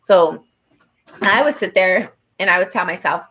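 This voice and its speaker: A tarot reader with a lowish, slightly bright voice speaks a little slowly over poor audio. Giving a personal reading, she addresses the viewer earnestly and encouragingly, with lots of fillers and restarts.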